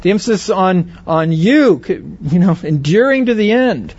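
A man's voice: high-pitched, expressive, a little slow, darkish tone, breathy edge, highs cut off. A man giving a Bible lesson to a group, stressing key words and often checking whether his listeners agree. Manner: asks the audience questions, stresses words. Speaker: Bible teacher. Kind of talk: teaching sermon.

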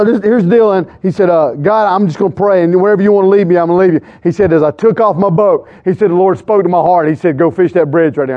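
A preacher with a high, ringing voice tells stories from the pulpit. He drops to a hush and then climbs to shouted peaks. The recording is dull and lo-fi. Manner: emphatic, swings from hushed to shouted peaks. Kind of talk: sermon with storytelling. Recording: dull lo-fi sound.

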